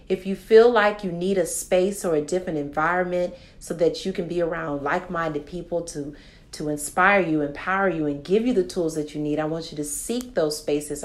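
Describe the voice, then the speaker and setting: Low-voiced woman with a slow, soothing meditation voice. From Texas. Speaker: podcast host. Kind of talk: guided meditation and podcast closing. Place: studio with a live audience.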